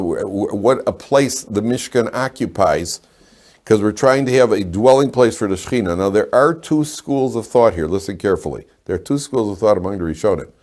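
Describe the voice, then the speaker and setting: Animated rabbi teaching a class. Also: male voice, lowish voice. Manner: animated, rhetorical questions and jokes to the class. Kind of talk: Torah class lecture. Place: classroom with live students.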